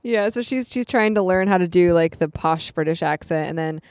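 Woman podcast co-host, lowish voice, eager reactions, casual chat, dry close mic. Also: a little mellow, no room sound. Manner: quick enthusiastic reactions, giggles.

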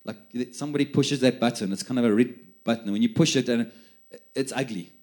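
A man's voice: medium pitch, a little fast, a little mellow. A middle-aged man preaching a sermon, telling stories in a chatty way and often repeating words as he restarts. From South Africa. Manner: conversational storytelling with many repeated words.

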